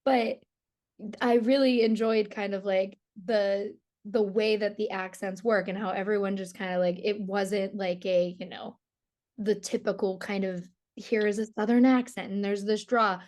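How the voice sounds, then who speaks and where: Fast, chatty woman interviewer. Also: medium pitch, steady tone, a little mellow. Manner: fast, chatty, full of "like" and quoted asides. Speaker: entertainment interviewer. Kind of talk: casual interview chat.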